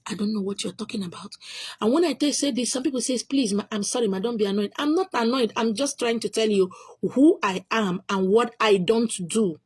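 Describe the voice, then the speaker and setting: A woman's voice: fairly high pitch, a little fast, husky, dry recording. A Nigerian woman with a Nigerian accent, a spiritual teacher answering viewer questions on her own video channel in an emphatic, insistent way, repeating her points.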